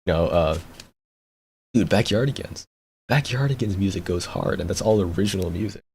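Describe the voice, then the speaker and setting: A man's voice: low-pitched, animated, normal speed, a little mellow, a little hiss or hum. A young man streamer chatting casually, rambling, repeating words and laughing often. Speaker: VTuber streamer.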